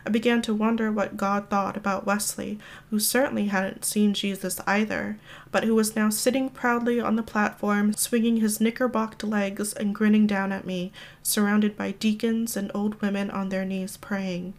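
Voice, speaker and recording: A woman reading a memoir excerpt aloud for a podcast, in a steady, even way. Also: mid-range voice, normal speed. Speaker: podcast reader.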